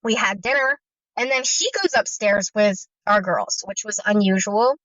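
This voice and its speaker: A woman in her thirties, a guest sharing her story, gives an earnest, intense first-person account of fear, recalled in vivid detail. Her mid-range voice is a bit bright and moves at a moderate pace. The audio is dull, dry, and lo-fi.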